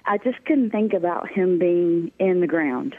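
A woman guest telling a personal story, speaking haltingly with pauses and restarts. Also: on the low side, animated. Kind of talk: emotional personal testimony. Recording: tinny phone-like line.

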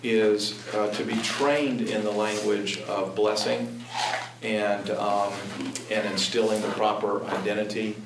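A man with a lowish voice talks earnestly and emphatically about raising children in faith, pausing and restarting as he builds his point. He sits a little away from the mic in an echoey room with steady background noise. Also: distant mic. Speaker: parent speaking on Christian parenting. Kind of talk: conversational talk.

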